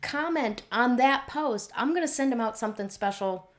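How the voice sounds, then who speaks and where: A woman's voice: on the high side, expressive, normal speed. A woman co-hosting a casual chat show, upbeat and moving the show along. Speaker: podcast co-host.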